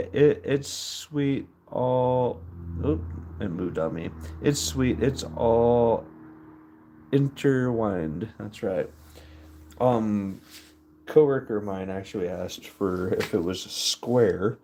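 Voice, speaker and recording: Working at his furnace, a man hosts a slow, easygoing livestream, chatting with viewers and reading their comments. His voice sits on the low side, mellow with lively intonation, and there's slight background noise.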